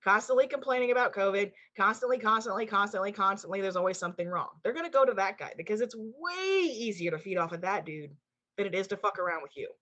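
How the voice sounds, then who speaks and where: A woman co-hosting a casual podcast chat, talking in an animated, emphatic way and swearing casually. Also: mid-range voice, fast talker. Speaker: co-host, intuitive channeler. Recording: dull lo-fi sound.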